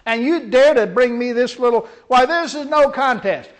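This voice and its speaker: A man's voice: very high-pitched, normal speed. A man preacher voicing an enraged, boastful giant warrior who taunts his opponent. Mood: scornful. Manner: taunting, blustering.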